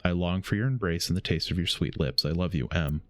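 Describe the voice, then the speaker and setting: Deep-voiced man reading game letters. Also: no echo. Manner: reads slowly, stumbles and self-corrects. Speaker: gaming streamer.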